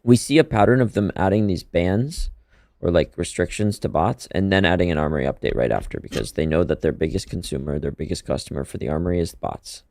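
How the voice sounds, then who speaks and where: Lively-voiced male game streamer. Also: deep voice, brisk, creaky, dry recording, clean studio sound. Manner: chatty, reacts loudly to gameplay. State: hiccuping. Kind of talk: casual live-stream commentary while gaming.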